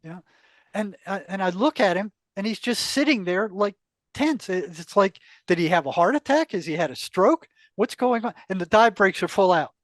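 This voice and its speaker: An older man with a notably high-pitched voice spins a long personal story, acting out the back-and-forth of what was said and breaking into laughs along the way. The sound is dry and close, with no room around it. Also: moderate pace, dry recording. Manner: animated storyteller, acts out quoted exchanges, laughs often. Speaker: guest telling a story. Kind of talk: casual storytelling interview.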